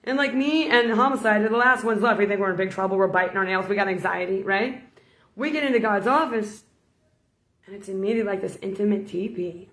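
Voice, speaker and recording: A woman's voice: medium pitch, fairly quick, fairly bright tone. Brief: woman preacher, casual storytelling sermon, playful delivery; roomy, echoey recording. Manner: storytelling, playful, laughs between points. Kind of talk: informal sermon vlog.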